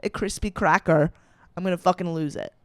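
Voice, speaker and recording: A woman's voice: on the low side, a little fast, dry recording. Gushing, profane young woman from Western New York. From Rochester, New York. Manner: animated, profane, gushing, heavy use of "like". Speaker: comedian podcast host. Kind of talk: casual monologue.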